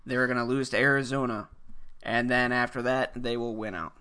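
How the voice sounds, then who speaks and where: A man co-hosting a casual sports podcast, giving steady, matter-of-fact predictions. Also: mid-range voice, normal speed, clear, resonant tone. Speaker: podcast co-host.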